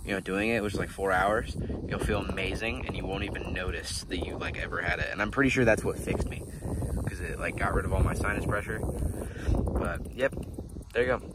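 A man's voice: sits low, fairly quick. Young male farm vlogger, slightly stuffy, easygoing and rambling; handheld outdoors with wind and water behind. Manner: rambling, laid-back, many fillers. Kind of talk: casual vlog chat. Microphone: handheld camera. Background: running water and wind.

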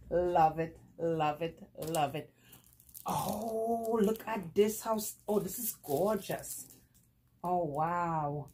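A woman's voice: on the low side, takes it slowly, darkish tone, slightly rough. A woman vlogger opening fan mail, effusive and laughing, repeating her praise over and over. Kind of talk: casual unboxing chat.

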